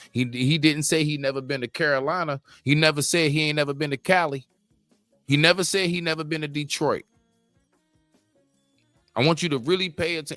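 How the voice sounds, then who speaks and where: A man's voice: mid-range voice, a bit bright, no echo. A man hosting a stream, giving a profane, ranting reaction commentary to a clip and talking straight to his viewers.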